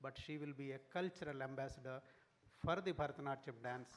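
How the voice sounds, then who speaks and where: A man makes a formal speech at an event. He speaks haltingly, with plenty of fillers and restarts, at a middling pitch. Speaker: sponsor giving a speech.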